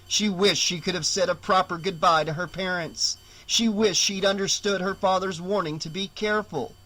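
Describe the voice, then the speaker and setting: A man narrating a horror novel audiobook in a measured, dramatic storytelling manner. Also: fairly high pitch, bright, forceful tone. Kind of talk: scripted narration.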